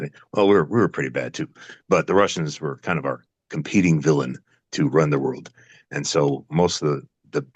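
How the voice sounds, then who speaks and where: Very deep-voiced older man, rambling. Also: gravelly, husky, dry recording. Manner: rambling, many restarts and fillers, musing. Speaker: actor guest. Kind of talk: casual interview chat.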